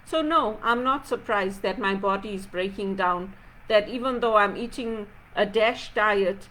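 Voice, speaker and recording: A woman's voice: mid-range voice, a bit bright, low-quality recording. A woman from Zimbabwe giving an impassioned spoken reflection, aggrieved and rhetorical, firing off repeated pointed questions. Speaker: video blogger.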